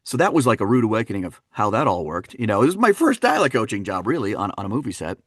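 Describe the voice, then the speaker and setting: A man from Wisconsin, a dialect coach, telling stories on a podcast in an animated, laughing way. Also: lowish voice, fast, no echo, studio quality. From Wisconsin, USA. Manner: animated, laughing, fond of voicing characters. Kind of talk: anecdotal storytelling in a podcast interview.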